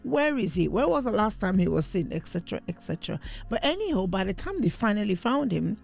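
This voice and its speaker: A woman's voice: medium pitch, big pitch swings, fast talker, gravelly, faint music behind. A woman co-hosting a podcast, telling news stories in a rambling casual chat with many restarts. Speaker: podcast co-host.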